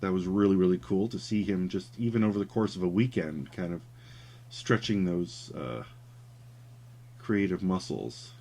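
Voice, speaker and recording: While drawing on stream, this caricature artist chats casually, rambling through a story with plenty of fillers. He speaks at a moderate pace in a low, mellow voice.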